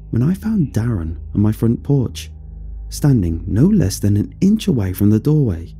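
A man tells a first-person horror story with measured, descriptive pacing. His voice is low, dark and mellow, with a gravelly, husky texture. Soft music plays faintly behind him. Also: big pitch swings. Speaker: narrator.

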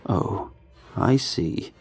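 A man voicing a creepy, frail male creature who calls himself the sun, with a slow, drawn-out, croaking voice. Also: a little mellow, soft background music. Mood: menacing.

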